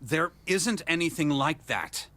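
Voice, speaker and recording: A man voicing a cool, dismissive young man who answers flatly and matter-of-factly. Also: fairly high pitch, unhurried. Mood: curt. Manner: flat, matter-of-fact.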